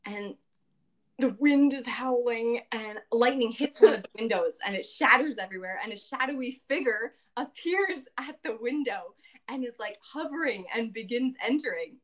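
A woman casually recapping a tabletop game session, chatty and quick to laugh, acting out quotes in a lifted voice. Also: animated. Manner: chatty, laughs often, acts out quotes in a higher voice.

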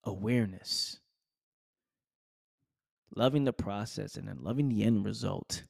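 A man's voice: lowish voice, unhurried, gravelly, darkish tone, no room sound, studio quality. A man hosting a podcast, giving a passionate motivational monologue full of slang and repetition. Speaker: podcast host.

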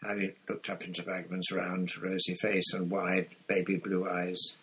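A man's voice: deep voice, completely flat delivery, normal speed, a bit bright, breathy edge, rough recording. A man reading a novel aloud, in an unpolished style with small fillers and restarts. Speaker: audiobook reader.

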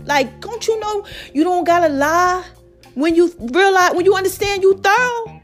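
Female podcast host, high pitch, hoarse and worn out, preachy, animated delivery. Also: moderate pace, faint music behind. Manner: preachy, animated, calls listeners baby and child. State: voice cracking, tired. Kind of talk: casual motivational talk.

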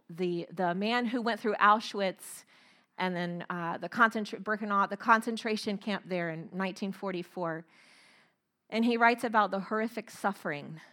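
A middle-aged woman preaching a sermon, earnest and emphatic, slowing down to stress key phrases. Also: medium pitch, fairly bright tone. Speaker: speaker.

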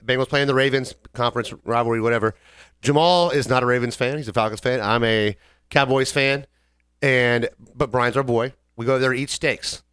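A podcast co-host tells a long, rambling story in casual chat, slipping into quoted voices. His medium-pitched voice is steady, clear and resonant with a fairly bright tone at normal speed, captured in a dry, studio-quality recording.

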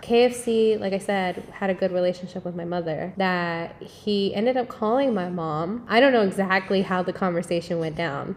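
A young woman shares a personal story on a casual podcast. Her voice sits at an ordinary middle pitch, and she talks in a candid, lively way, cursing freely and laughing often. A faint hiss runs under the recording. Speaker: podcast guest.

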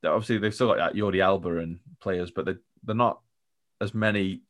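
Male podcast co-host, low-pitched, easygoing banter with a joking streak. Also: fairly even intonation, a little fast, a bit bright. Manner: jokey, laughs often, acts out quotes. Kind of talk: casual football podcast chat.

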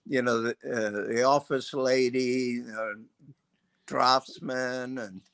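A man's voice: medium pitch, steady tone, vocal fry, fairly bright tone, clear, resonant tone, no echo. Older man spinning loose stories. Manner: unhurried, loose, full of "uh" and "um". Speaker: guest, former racing mechanic. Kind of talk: anecdotal storytelling.

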